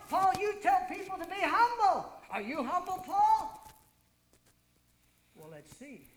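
Lively folksy male preacher. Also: very high-pitched, a little slow, reverberant, a little hiss or hum. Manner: folksy storytelling, swings from quiet to loud. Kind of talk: sermon.

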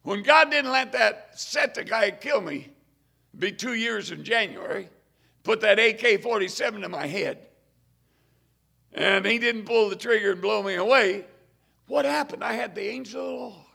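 An older man preaching a storytelling sermon, fervent, swinging between loud exclamations and hushed asides. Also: high-pitched, lively intonation, moderate pace, creaky.

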